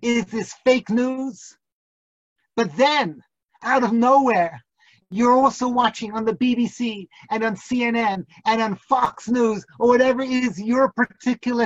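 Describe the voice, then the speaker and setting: Storytelling rabbi on a dull video call. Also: male voice, very high-pitched, a little slow, no room sound. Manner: vivid, builds suspense, hams up national accents for laughs. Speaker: rabbi teaching an online class. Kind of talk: dramatic storytelling lecture.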